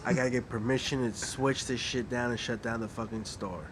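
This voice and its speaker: A man's voice: mid-range voice, steady tone, fairly quick, background noise. A young man, a podcast guest, chatting casually with profane words and frequent laughter. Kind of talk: casual chat.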